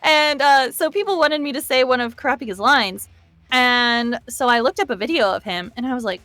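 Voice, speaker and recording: A woman voice actress as an interview guest, talking in a thoughtful, relaxed way. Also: on the high side, fairly quick, no room sound, faint music behind. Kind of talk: casual interview chat.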